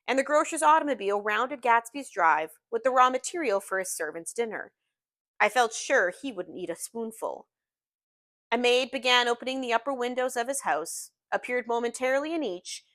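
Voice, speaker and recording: A woman teacher reading a novel aloud to her class in an expressive, measured storytelling manner. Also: fairly high pitch, no room sound, studio quality.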